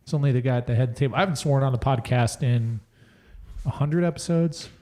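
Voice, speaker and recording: A man's voice: medium pitch, brisk, a little mellow. A man hosting a podcast in casual banter, playful and teasing, with mock-announcer introductions. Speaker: podcast host.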